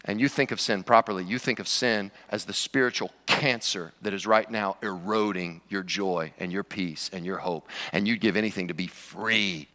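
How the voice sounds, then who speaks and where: Bright-voiced male pastor in a reverberant hall. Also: sits low, moderate pace, few pauses. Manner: conversational preaching with joking asides. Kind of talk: sermon. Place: church sanctuary. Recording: long reverb of a large hall.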